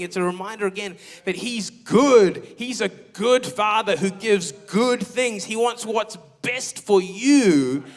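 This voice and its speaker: A young man preaching a sermon, telling a candid, self-mocking personal story with lots of quoted asides. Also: sits high. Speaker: pastor. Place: church auditorium.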